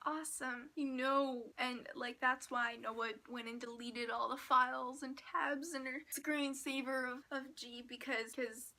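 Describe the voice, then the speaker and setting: Young woman, high voice, bright tone, casual book vlog chat, gushing, whispery asides. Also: unhurried, hardly any pauses. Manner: gushing, excitable, drops into whispers when quoting. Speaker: book vlogger.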